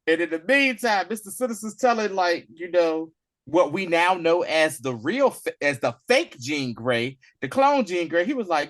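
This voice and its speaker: A young man hosting a podcast, recapping an episode in animated, slangy storytelling. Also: a little high, dry recording. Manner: animated, slangy storytelling that slips into quick character voices. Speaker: podcast host.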